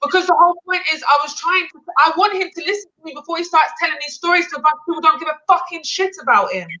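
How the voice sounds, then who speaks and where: A woman's voice: very high-pitched, racing, bright, forceful tone, dull audio. A woman arguing insistently and bluntly on a live online panel, swearing as she makes her point. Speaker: panel participant. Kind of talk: heated live panel argument.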